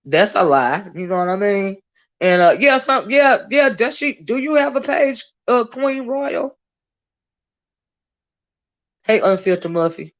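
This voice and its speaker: A woman's voice: mid-range voice, lively intonation, normal speed. A woman hosting a live gossip stream, chatty and blunt, cussing freely and greeting viewers in the chat. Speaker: livestream host. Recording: dull lo-fi stream audio.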